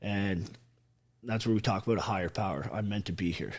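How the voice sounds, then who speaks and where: Veteran guest, man, low-set voice, raw and profane storyteller. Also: fairly quick, husky. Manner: profane, blunt, acts out quoted speech. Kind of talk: emotional storytelling on a podcast.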